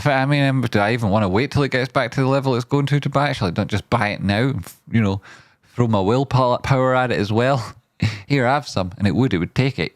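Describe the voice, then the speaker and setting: Playful man rambling on stream. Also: no echo. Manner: playful, riffing, often jumps into a high silly voice. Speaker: trading livestream host. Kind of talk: rambling live-stream chat.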